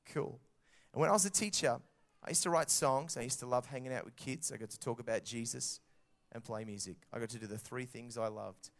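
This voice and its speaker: Gravelly-voiced man telling a lively testimony. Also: medium pitch, brisk. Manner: animated storytelling, acts out quoted voices. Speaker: children's music minister. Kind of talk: testimony talk.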